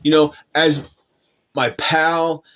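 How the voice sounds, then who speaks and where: A man's voice: a little high, flat delivery, extremely slow, a bit bright. A man hosting his own channel, delivering an angry, profane rant with lots of swearing and restarts. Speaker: channel host.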